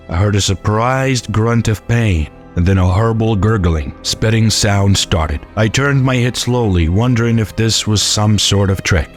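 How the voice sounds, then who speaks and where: A man telling a first-person horror story in a steady, scripted narration. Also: on the low side. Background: faint background music.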